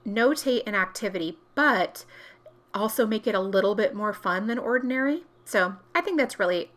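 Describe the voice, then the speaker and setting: A woman's voice: mid-range voice, lively intonation, normal speed, fairly bright tone. A woman talking casually through a planner crafting tutorial, chatty and explaining each step as she works, correcting herself now and then.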